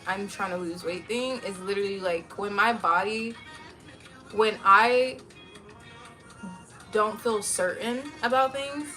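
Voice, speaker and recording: A woman streaming from home, chatting casually with her viewers and telling a story in a lively, profane way. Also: medium pitch. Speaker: live streamer.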